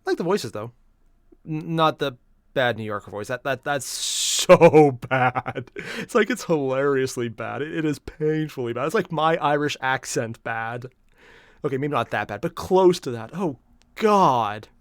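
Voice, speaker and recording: A man's voice: mid-range voice, expressive, unhurried, clean tone, no echo, studio quality. A man hosting a casual reaction video, rambling and repeating himself as he talks through his thoughts.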